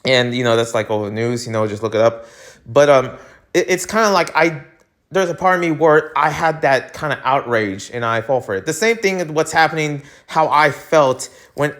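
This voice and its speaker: A man's voice: mid-range voice, fairly bright tone. A man from the United States hosting his own podcast, who rambles with lots of fillers and restarts and gets heated and emphatic. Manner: heated and emphatic when ranting. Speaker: podcast host. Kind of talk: solo podcast rant.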